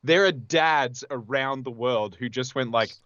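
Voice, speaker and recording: A man in a casual group chat, animated and teasing. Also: medium pitch, unhurried, no room sound, muffled recording.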